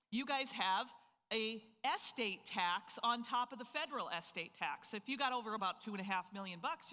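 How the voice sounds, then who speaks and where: A presenter from North Dakota leads a live financial seminar with an energetic, question-driven delivery. The voice has a bright, forward edge. It rings out with a long reverb tail in an event hall. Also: mid-range voice. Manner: energetic, full of rhetorical questions to the audience.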